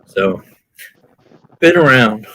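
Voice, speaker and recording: A man from Alabama on a live panel, telling stories in an animated way, acting out his reactions and laughing at himself. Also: mid-range voice, extremely slow. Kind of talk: casual chat.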